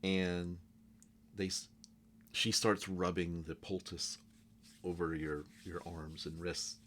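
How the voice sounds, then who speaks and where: A man with a very deep voice runs a tabletop game as game master. He narrates slowly and haltingly, pausing often to find his words, with a faint hum behind him. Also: flat delivery, a bit bright. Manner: halting, with many pauses and ums.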